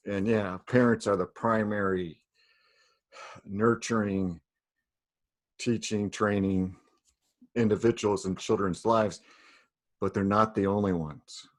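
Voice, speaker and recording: A man with a very deep voice joins a relaxed group video chat. He presses his point with emphasis, repeating key words. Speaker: discussion participant. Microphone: video call.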